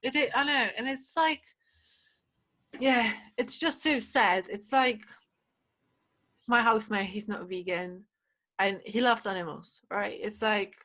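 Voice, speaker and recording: A woman in casual conversation, spilling stories with lots of "like" and "you know". She acts out what people said as she goes, and her voice sits in a middling pitch. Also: a little slow, pauses often. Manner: animated storyteller, many fillers, acts out quotes. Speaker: podcast guest. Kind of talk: casual chat.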